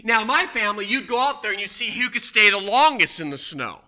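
A man preaching a sermon, telling a personal story with emphatic, loud punches. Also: high-pitched, big pitch swings, a little fast. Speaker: pastor.

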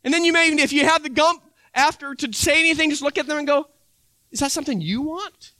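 Pastor, man, high bright voice, chatty preaching style, dry sound. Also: fairly even intonation, fast talker, no room sound. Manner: conversational, acts out little dialogues. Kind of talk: sermon.

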